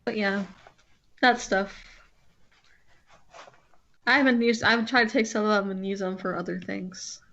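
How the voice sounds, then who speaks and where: A woman's voice: mid-range voice, fairly even intonation, a little slow, creaky, long pauses, fairly bright tone, dull audio. A woman streamer chatting casually with a friend while drawing, rambling and often breaking off to restart her sentences.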